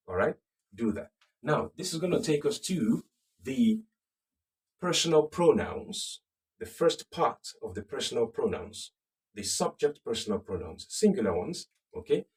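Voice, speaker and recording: A man teaching a recorded beginner French lesson, patiently repeating phrases slowly and checking in with the viewer. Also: on the low side, darkish tone, distant mic.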